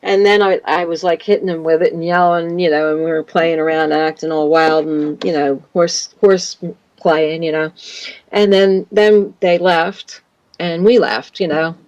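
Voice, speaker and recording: A woman's voice: lowish voice, fairly even intonation, a little slow, a little mellow, no room sound, highs cut off. A woman guest telling a long personal story in an interview, rambling with fillers and restarts.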